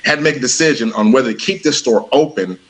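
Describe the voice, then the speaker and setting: A man's voice: mid-range voice, fast talker, poor audio. A middle-aged man, an author and speaker, telling stories as a podcast guest, acting out quoted dialogue and laughing often. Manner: animated storyteller who acts out quoted dialogue, laughs often. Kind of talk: conversational storytelling interview.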